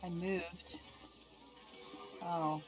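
Playful woman streamer, slow talker. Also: on the low side, level tone, soft background music. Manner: playful, laughs often, sing-song jokes. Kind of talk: casual gaming chat.

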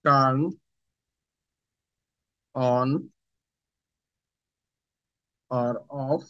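Slow, methodical male IT instructor. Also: medium pitch, steady tone, bright, forceful tone, clean tone, muffled recording. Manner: slow, instructional, pausing between short phrases. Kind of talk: step-by-step software tutorial narration.

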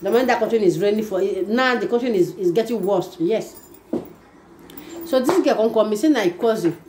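A woman with a Nigerian Pidgin English accent, vlogging casually to her channel in an animated way and often repeating herself. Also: mid-range voice, brisk. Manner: animated, repeats phrases, often asks "you no understand?". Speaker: YouTube vlogger. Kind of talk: casual chat to camera. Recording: echoey room with faint ambient noise.

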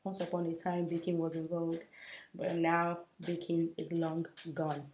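Young woman, makeup tutorial vlogger, chatty, self-mocking, lowish pitch, roomy echo. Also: completely flat delivery, normal speed. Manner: chatty, self-mocking, drifts to soft murmurs while working. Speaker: beauty vlogger. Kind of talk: casual makeup tutorial chat. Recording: roomy echo, faint hiss.

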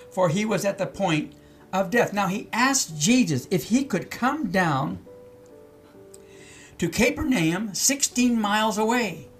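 Slow-speaking pastor teaching a Bible chapter. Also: male voice, high voice, a bit bright. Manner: reads verses then explains them, with many repeats and questions to the listeners.

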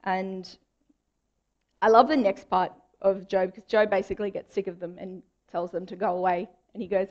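A woman's voice: medium pitch, steady tone, moderate pace, darkish tone, muffled recording. A young woman giving a chatty, informal sermon in a church. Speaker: preacher.

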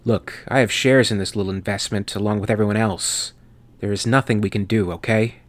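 A man's voice: on the low side, steady tone, a little fast, natural voice. A man reading an audiobook voices a cynical, short-tempered male pilot who turns sarcastic and raises his voice. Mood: angry sarcastic.

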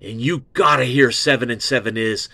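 A man hosting an album review show, gushing and excitable, repeating himself and swearing freely. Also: medium pitch, moderate pace, dry recording. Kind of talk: rambling casual album review.

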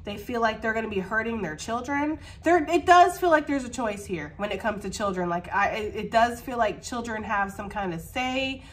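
A woman's voice: on the high side, expressive, normal speed, few pauses. A woman giving a casual tarot reading, chatty and frank, laughing often and swearing freely. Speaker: tarot reader.

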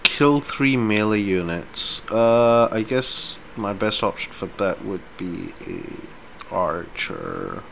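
A man's voice: on the low side, slow, gravelly, a little hiss or hum. A man on a live stream, chatting casually with viewers and reading a book aloud. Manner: casual, rambling, with fillers; lively when reading. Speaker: streamer and reader.

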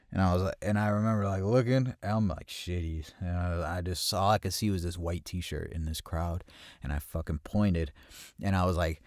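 A man telling a rough story in a blunt, streetwise way, swearing heavily and acting out the voices of the people in it. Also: deep voice, normal speed, no room sound, studio quality. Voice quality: heavy swearing, acts out quoted voices loudly. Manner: blunt, streetwise, animated retelling. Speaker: podcast host telling a personal story. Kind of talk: casual storytelling monologue.

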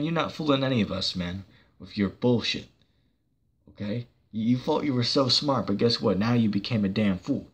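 Husky, heated man ranting. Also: medium pitch, a bit bright. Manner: combative, profane, mocking. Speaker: church channel preacher.

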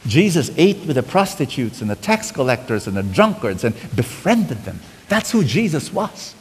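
A man's voice: mid-range voice, big pitch swings, normal speed, husky. A man preaching a sermon to a congregation, often calling out to the crowd for responses. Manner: calls out to the audience for responses. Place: large hall before a congregation. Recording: long hall reverb with guitar music behind.

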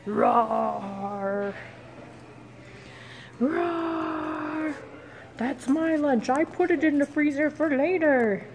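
A woman's voice: high-pitched, extremely slow, pauses often, slight background noise, voice pushed up, heavily acted. A woman voicing a grumpy male polar bear who hoards his lunch, with playful mock roars over background music. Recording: music playing over the audio.

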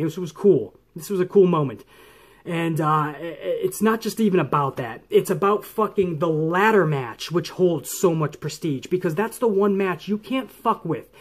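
A man hosting a wrestling commentary show, ranting angrily and swearing a lot. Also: fairly high pitch. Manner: angry, swearing, mocks referees in put-on voices.

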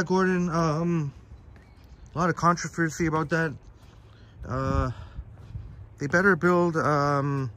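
A man's voice: fairly high pitch, a bit bright. A man hosting a live-streamed walk outdoors, chatting casually and answering viewers by name. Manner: chatty, reads viewer comments aloud by name. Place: outdoors in a park, walking. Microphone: phone on a live stream.

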